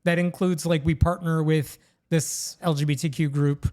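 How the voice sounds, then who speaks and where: A man's voice: on the high side, flat delivery, normal speed, dark tone. A man hosting a podcast, telling a news story in casual, conversational chat. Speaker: podcast host.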